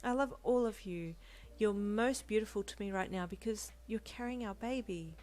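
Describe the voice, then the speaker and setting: A young hero husband, gentle and doting, speaking softly and with earnest care, as a woman reads him in a storybook. The voice stays close to her own, lightly warm and unhurried. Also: medium pitch, pitched above the performer's own voice, lightly acted. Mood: tender. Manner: soft and earnest.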